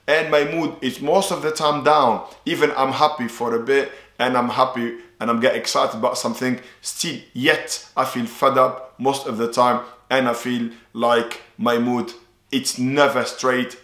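A man's voice: mid-range voice, a bit bright. Man explaining earnestly in a roomy space. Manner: earnest, repetitive explanatory delivery with religious phrases. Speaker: ruqya practitioner. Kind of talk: instructional talk.

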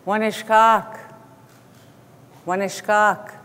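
A man teaching a language class who says each word slowly and then repeats it. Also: high voice, fairly bright tone, clear, resonant tone. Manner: slow, patient, repeats each word twice. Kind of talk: language lesson, repeating vocabulary. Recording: echoey room with long reverb.

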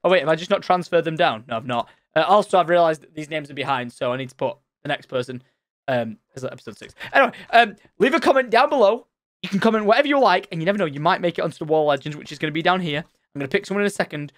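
A man commentating his Minecraft let's play, excitable and loud at surprises. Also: fairly high pitch, very fast, dry recording. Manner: excitable, shouts and squeals at surprises. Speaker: gaming channel host.

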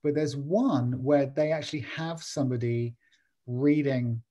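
A man hosting a bookshop author event over a video call, speaking haltingly and restarting his sentences. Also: mid-range voice, dark tone. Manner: halting, many restarts and fillers.

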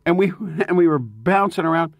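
Give me an emphatic male singer telling stories, fairly high voice, recorded dry. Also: moderate pace, no echo. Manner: animated, emphatic, laughs often. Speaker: touring rock singer, guest. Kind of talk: casual interview storytelling.

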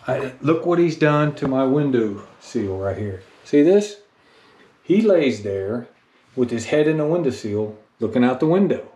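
A middle-aged man, telling a casual, self-mocking story at home in his home office. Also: medium pitch. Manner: chatty, self-mocking, rises into excited baby-talk with the dog. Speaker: vlogger.

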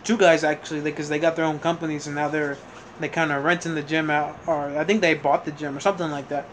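High-voiced young man rambling casually. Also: level tone, fast, slight background noise. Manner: casual, meandering, with fillers and self-corrections; occasional swearing. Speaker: vlogger. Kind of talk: rambling personal story.

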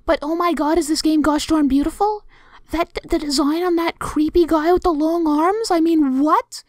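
A woman hosting a let's play, giving casual gameplay commentary with jumpy, excitable reactions, lots of restarts and occasional soft whispers. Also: extremely high pitch, moderate pace, dry recording.

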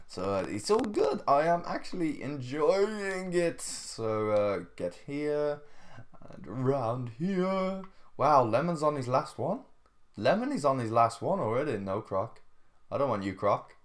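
With a medium-pitched, very animated but unhurried voice, a man provides casual gameplay commentary as a gaming video host. Though tired and yawning, he stays chatty, laughs often, and keeps speaking to his viewers.

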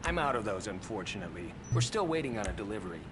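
A smooth gun shop clerk. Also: male voice, on the low side, sing-song, rapid-fire, over loud music. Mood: polite sales pitch. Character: calm adult male gun shop clerk.

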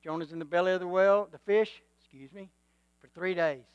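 A male preacher delivering a sermon, swinging from quiet musing to loud exhortation and calling for amens. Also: sits high, fairly even intonation, a little fast, clear, resonant tone, no room sound, lo-fi sound.

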